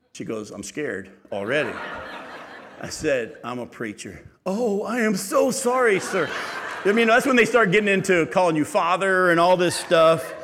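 A middle-aged male preacher telling a lively, humorous story from the pulpit, often laughing as he goes. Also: mid-range voice. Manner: animated storytelling, laughing at his own story. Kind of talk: sermon storytelling.

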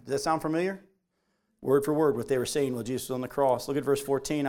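A man preaching a sermon, reading scripture aloud and driving points home with animated emphasis. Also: mid-range voice, quick pace. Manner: animated preaching, voice rising on quotes. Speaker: pastor.

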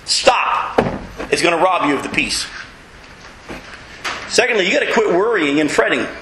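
A man preaching a sermon in a folksy, emphatic way, with self-mocking humor and sudden high leaps in pitch to stress his points. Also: lively intonation, normal speed, reverberant, background noise. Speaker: pastor.

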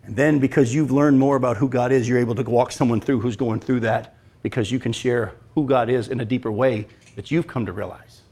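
A man's voice: medium pitch, fairly quick. A man preaching a sermon as pastor, acting out scripture lines and asking the congregation questions. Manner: animated, acts out scripture lines, talks with congregation.

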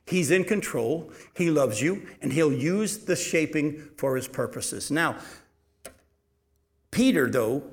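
A man leading a Bible study in a fairly high voice. He preaches with sudden loud rises and quiet drops. He asks his listeners questions and then answers them. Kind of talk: expository Bible teaching.

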